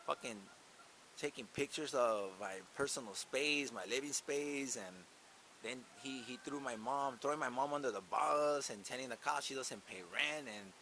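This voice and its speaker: A man in his thirties venting in a casual vlog, profane and getting louder as he rants about his family. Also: medium pitch, moderate pace, poor audio. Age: 30s. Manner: profane, venting, gets loud when worked up. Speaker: channel host. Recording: hissy background.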